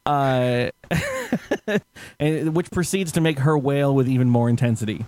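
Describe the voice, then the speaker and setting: A man's voice: mid-range voice, measured pace, dry recording. A man telling a story in a casual podcast chat, laughing often and acting out the people he quotes. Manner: animated, laughing, acts out quotes loudly.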